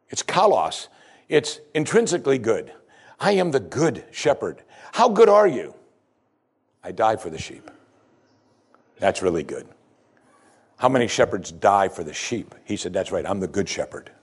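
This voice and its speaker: Guy preaching a sermon, husky voice that jumps all over in pitch, emphatic. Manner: emphatic preaching with wide swings between loud and hushed. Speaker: pastor.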